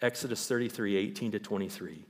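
A fast-talking pastor with a fairly low voice delivers a sermon, acting out Bible stories animatedly and raising his voice. The setting is a church sanctuary, and the audio has long hall reverb.

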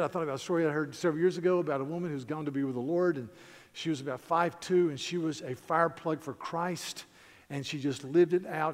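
A man preaching a sermon in a conversational, animated way, telling stories with frequent restarts. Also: fairly high pitch. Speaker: pastor. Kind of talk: sermon with storytelling. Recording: hall reverb.

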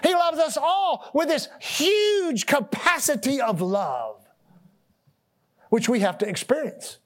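This pastor's voice is extremely high and slow as he preaches with animation. Questions to the congregation in call-and-response fashion, repeated and restarted words, and loudness that rises and drops all drive his points forward.

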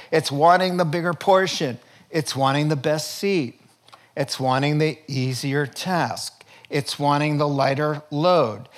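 Pastor guy preaching, kinda high voice, jokey and animated. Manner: animated, joking preacher, rapid lively delivery. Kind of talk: sermon.

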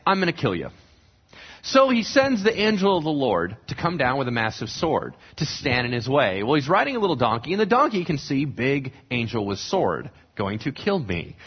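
A pastor telling a Bible story in a sermon, acting out the characters' lines with animated, casual voices. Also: male voice, fairly high pitch, husky. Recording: dull lo-fi sound.

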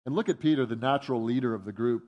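A man preaching a sermon, animated, jumping up in pitch to voice the disciples' protests and dropping soft for reflective points. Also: racing, highs cut off. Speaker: pastor.

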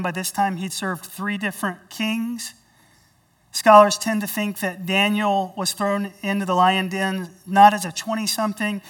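A woman pastor preaching a sermon, telling the story with big swings between loud and quiet. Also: mid-range voice, recorded from a distance. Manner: storytelling with dramatic swings in volume.

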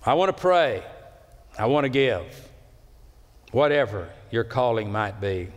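A pastor preaching to his congregation, his voice rising into loud high calls and then sinking low and quiet. He draws out key words slowly, and his voice rings out through the long reverb of a large church sanctuary. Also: big pitch swings. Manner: preaching with sweeping swings in pitch and loudness, slowing for emphasis. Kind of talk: sermon.

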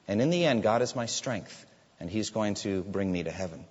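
A man delivers a sermon from the pulpit, his voice swinging widely in pitch as he drives home each point. He pauses for effect and throws questions at the congregation. The sound is dull and carries a long reverb, as if from a large church. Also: lively intonation, slightly rough. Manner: emphatic preaching with dramatic pauses and rhetorical questions. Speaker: pastor.

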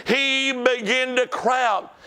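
A male pastor delivers an emphatic sermon with a very high, smooth and clear voice. He keeps asking rhetorical questions and leads call-and-response with his congregation. Pauses and repetition drive his points home. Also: steady tone, bright, forceful tone.

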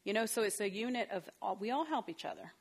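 A woman's voice: mid-range voice, fast talker. A middle-aged woman leading a parenting workshop for a group, talking casually and animatedly with frequent laughter. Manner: conversational, animated, laughs often.

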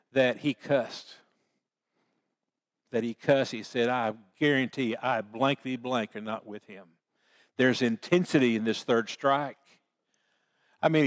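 A man preaching a sermon, telling the story in a folksy, homespun way. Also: mid-range voice. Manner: folksy storytelling with baseball analogies.

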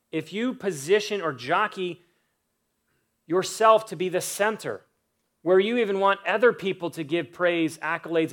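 A man preaching a sermon, earnest, with pauses and rhetorical questions. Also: sits high, fairly bright tone.

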